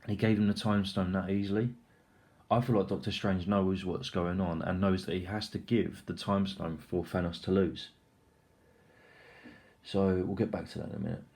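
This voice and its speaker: A young man giving a casual, rambling film review, excitable and full of swearing and filler words. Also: low-pitched, moderate pace.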